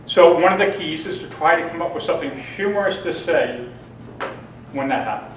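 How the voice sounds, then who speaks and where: A man's voice: on the high side, animated, fairly quick, background noise. Man joking through a seminar talk. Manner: joking, storytelling, laughs often. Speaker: seminar presenter. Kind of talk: humorous seminar talk with audience. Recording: echoey room, mic from a distance.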